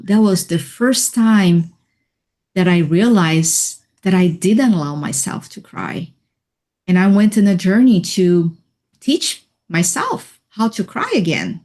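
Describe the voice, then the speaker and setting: A woman speaks in a medium-pitched voice, as an interview guest sharing her personal experience. She talks slowly and reflectively, with frequent pauses and a soft, gentle delivery. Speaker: interview guest, healing coach. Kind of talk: personal storytelling in a radio interview.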